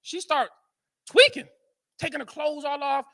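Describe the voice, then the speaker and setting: An American man speaking at a men's conference, telling stories to a live audience in an animated, joking way and asking the crowd questions. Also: very high voice, a little slow, gravelly. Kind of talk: storytelling talk to a live audience.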